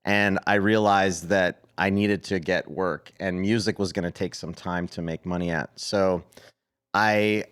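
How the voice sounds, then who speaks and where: A man in his thirties with a North Dakota accent, telling stories as a podcast guest in a relaxed, chatty way full of fillers and restarts. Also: deep voice, measured pace, smooth. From Upper Midwest US. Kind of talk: casual storytelling.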